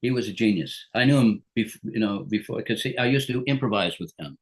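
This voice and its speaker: A man's voice: on the low side, brisk. An older man, a guest actor on a rewatch show, reminiscing in casual chat and laughing often.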